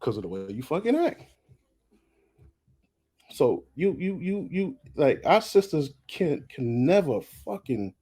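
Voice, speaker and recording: Blunt, husky-voiced man ranting casually. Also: mid-range voice, sing-song, unhurried, pauses often, dark tone. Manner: blunt, profane, worked up, repeats himself. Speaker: commentary vlogger. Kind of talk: casual commentary.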